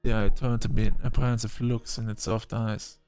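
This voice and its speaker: A man's voice: lowish voice, flat delivery, brisk, a little mellow, clear, resonant tone, faint music behind, natural voice. A man voicing a dutiful, nervous female AI ship navigator who speaks formally and calls the passenger sir. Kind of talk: audiobook character voice.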